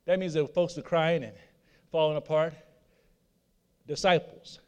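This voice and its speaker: A man's voice: a little high, steady tone, unhurried, darkish tone, clear, resonant tone. A man preaching a sermon, repeating his points and putting rhetorical questions to his listeners. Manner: repetitive, asks the audience rhetorical questions.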